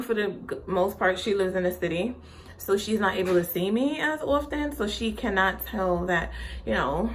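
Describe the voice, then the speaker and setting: A woman's voice: on the low side, slight background noise. A young woman chatting casually in a pregnancy update vlog, rambling with lots of fillers and restarts, often a little out of breath. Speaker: vlogger.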